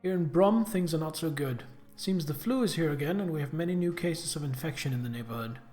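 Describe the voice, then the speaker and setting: A man's voice: on the high side, brisk, darkish tone, soft background music, natural voice. A man reading a letter aloud as a chatty, crude working-class young sister, in an attempted Birmingham accent.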